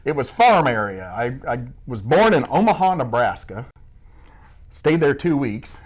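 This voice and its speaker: Middle-aged man from Iowa, joking interviewee, animated delivery. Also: mid-range voice, unhurried. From Midwest US, Iowa. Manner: joking, self-mocking storyteller. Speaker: school staff member being interviewed. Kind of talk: casual interview chat.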